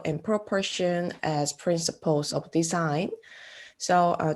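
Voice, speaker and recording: A woman giving a classroom art lecture, speaking haltingly with many fillers. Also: fairly low pitch, a little mellow. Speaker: art instructor.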